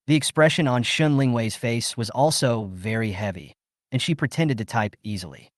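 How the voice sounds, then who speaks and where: A man reading a scripted story recap in steady storytelling narration. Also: medium pitch, normal speed, no echo, clean studio sound.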